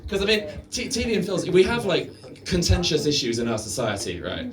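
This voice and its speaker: A man's voice: sits high, sing-song, brisk, recorded from a distance, crowd noise. A man doing a stand-up set on stage, rambling, swearing and laughing at his own jokes. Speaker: stand-up comedian. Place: live venue stage.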